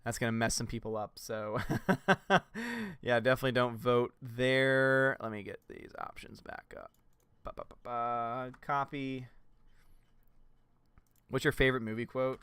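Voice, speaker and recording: A man's voice: medium pitch, fairly even intonation, unhurried, long pauses, fairly bright tone, clear, resonant tone, no echo. A man with a Southern US accent hosting a casual livestream, playful and joking with his viewers. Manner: playful, joking, laughs often. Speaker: livestream host.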